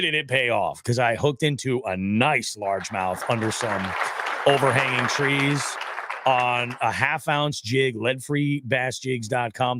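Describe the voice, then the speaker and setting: A man hosting a casual fishing podcast, telling animated stories with a lot of swearing. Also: mid-range voice. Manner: animated storytelling, heavy swearing. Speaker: podcast host. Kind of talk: casual profane chat.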